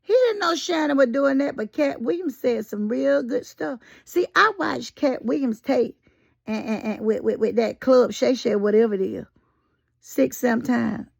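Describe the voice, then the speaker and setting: A woman's voice: a little high, expressive, moderate pace, creaky, no room sound, studio quality. A woman giving folksy, sassy casual commentary straight to her viewers. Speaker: commentary vlogger.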